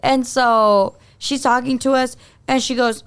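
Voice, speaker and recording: Woman, podcast co-host, casual storytelling, smooth clear voice, slightly high. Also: unhurried. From Mexican-American. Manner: animated, filler-heavy storytelling, teasing.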